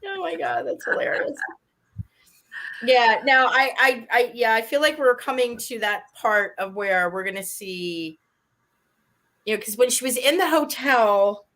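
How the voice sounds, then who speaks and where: A woman's voice: on the high side, expressive, measured pace, a bit bright. A woman co-hosting a casual live chat, agreeable and chiming in often. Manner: agreeable, chiming in with frequent affirmations. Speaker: co-host.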